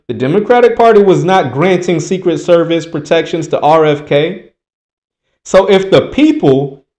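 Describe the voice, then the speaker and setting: A man delivers casual political commentary to his viewers. He is emphatic and repetitive, slowing down to hammer his points home. His voice sits a little higher than most men's. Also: a little mellow.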